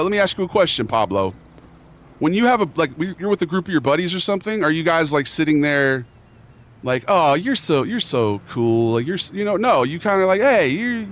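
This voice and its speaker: A man's voice: on the high side, fairly bright tone, slight background noise. A young man streaming live and chatting casually, full of slang, rambling and reading chat aloud.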